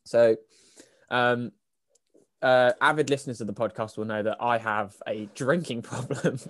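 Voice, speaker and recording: A man's voice: mid-range voice, steady tone, unhurried, dry recording. Young man, casual and dry-sounding. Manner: swearing, laughing storyteller. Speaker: podcast co-host. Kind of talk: casual chat.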